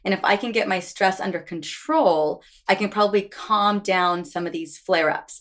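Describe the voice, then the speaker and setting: A woman's voice: fairly low pitch, fairly bright tone. A woman hosting an interview, asking attentive follow-up questions. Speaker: interviewer, host.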